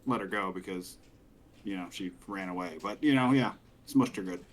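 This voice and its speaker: A man's voice: low voice, moderate pace. A man voicing a boastful female goblin adventurer who brags and rambles eagerly.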